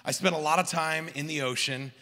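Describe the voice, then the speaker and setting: A young adult man from Southern California preaching a sermon as a pastor, telling a story with animated, emphatic peaks. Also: a little high, brisk. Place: large church hall. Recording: long hall reverb.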